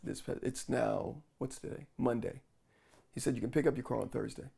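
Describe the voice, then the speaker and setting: A man's voice: mid-range voice, moderate pace, gravelly, slightly rough. A man vlogging, casually retelling a frustrating story with lots of quoted back-and-forth. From New York. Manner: animated retelling with quoted dialogue.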